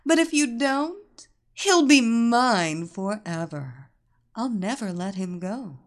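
A woman voicing a seductive, commanding woman in an audiobook, speaking slowly with a purring, domineering tone. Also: a little high, very animated. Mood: sultry, commanding. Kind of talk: audiobook character voice.

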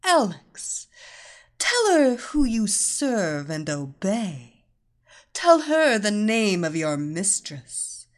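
A sultry, seductive temptress who gives orders in a slow, purring drawl, as a woman narrator puts her on. Her pitch swoops freely as she toys with her listener. It is an audiobook character voice. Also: sing-song. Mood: sultry, commanding.

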